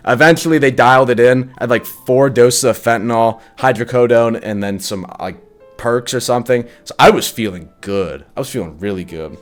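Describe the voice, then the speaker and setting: A young man recounting a personal story to the camera in loose, everyday speech. He swears freely and peppers every sentence with likes. His voice sits at an ordinary pitch, with faint music under it. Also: moderate pace. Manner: casual, profane, full of likes. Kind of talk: storytime vlog.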